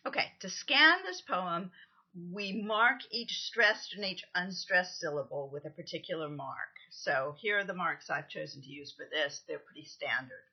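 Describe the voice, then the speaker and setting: A woman lecturing on poetry, reading verses aloud slowly with deliberate, strong stresses. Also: on the low side, lively intonation, husky. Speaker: literature lecturer. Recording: dull lo-fi lecture recording.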